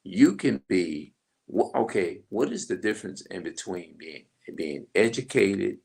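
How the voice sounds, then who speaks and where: A man's voice: low-pitched, sing-song, measured pace, gravelly, a little mellow. A middle-aged man in a rambling, emphatic casual monologue, swearing freely as he vents. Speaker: vlogger.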